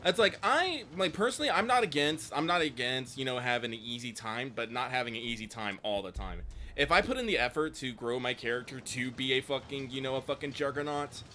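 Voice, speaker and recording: A man's voice: medium pitch, fairly quick, few pauses, bright, forceful tone, a little hiss or hum. A man co-hosting a live stream while playing a game, talking in a loose, casual way and swearing freely.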